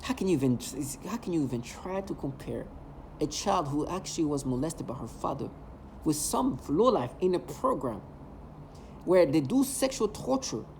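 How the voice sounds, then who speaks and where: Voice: medium pitch, very animated, moderate pace, vocal fry, darkish tone, a little hiss or hum. A vlogger ranting in an agitated, emotional monologue, hurling repeated insults.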